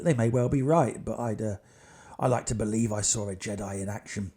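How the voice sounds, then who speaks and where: A man's voice: medium pitch, brisk, dark tone, husky. A man hosting a podcast, telling stories in a chatty, digressive way with wry asides. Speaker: podcast host. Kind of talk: casual podcast storytelling.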